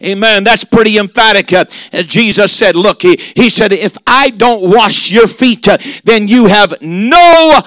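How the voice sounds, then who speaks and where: A man preaching a sermon, emphatic, drawing out and shouting key lines, with many "uh"s and "amen"s. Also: high voice, animated, unhurried, hardly any pauses, no echo. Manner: emphatic, punctuated with frequent "uh" and "amen".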